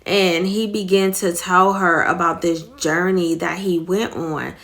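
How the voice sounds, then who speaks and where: A woman's voice: lowish voice, fairly even intonation, a little slow, a bit bright. A middle-aged woman hosting a faith talk, retelling a movie in a rambling, earnest way with many fillers. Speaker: host.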